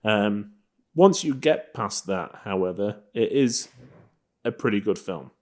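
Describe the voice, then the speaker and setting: A man with a deep, low voice talking through classic films on a podcast. He rambles easily, trailing off and circling back with plenty of ums and likes. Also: takes it slowly. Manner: relaxed, rambling, many fillers. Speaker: podcast co-host. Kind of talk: casual film review chat.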